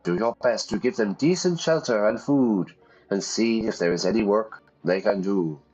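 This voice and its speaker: A man's voice: on the low side, a little mellow, close to an everyday voice. Man doing a lofty old nobleman. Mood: gracious. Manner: formal, measured speech. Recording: slightly dull lo-fi sound with faint music.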